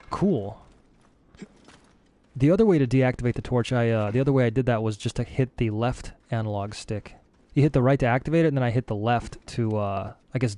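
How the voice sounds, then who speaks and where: A man giving excitable, chatty commentary while playing a video game. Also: medium pitch, no room sound. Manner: excitable, chatty, says dude a lot. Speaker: gaming streamer. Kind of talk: casual gameplay commentary.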